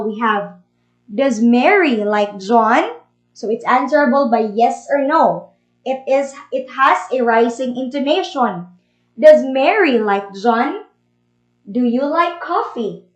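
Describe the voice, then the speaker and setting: A woman teaching a grammar review lesson, explaining step by step with Tagalog asides. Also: high voice. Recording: echoey room.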